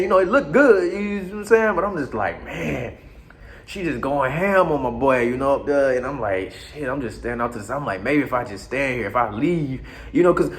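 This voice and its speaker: A man telling a crude, comic story in a casual, animated way. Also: on the high side. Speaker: podcast host telling a story.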